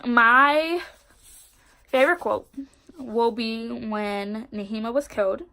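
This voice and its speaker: Bright-voiced, congested young woman chatting books. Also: fairly high pitch, takes it slowly, creaky, clear, resonant tone. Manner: expressive and chatty, fillers like "like". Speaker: book vlogger. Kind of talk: casual book review chat.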